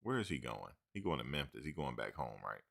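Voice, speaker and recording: A man's voice: rumbling low, very animated, brisk, creaky, a bit bright. A man hosting a sports talk show, rambling casually with slang and joking asides.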